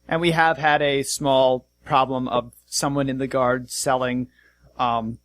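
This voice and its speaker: A courteous jail guard who keeps apologizing and rambles on, as a man plays him. The voice is bright and forceful, recorded dry and close. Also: mid-range voice, flat delivery, measured pace, no echo, lightly acted. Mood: polite. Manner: apologetic, chatty.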